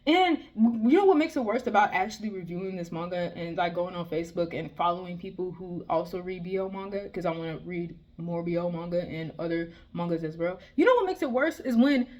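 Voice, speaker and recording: A woman giving a heated, exasperated casual review, swearing often and breaking into animated outbursts. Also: fairly low pitch, brisk, hardly any pauses. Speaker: manga reviewer.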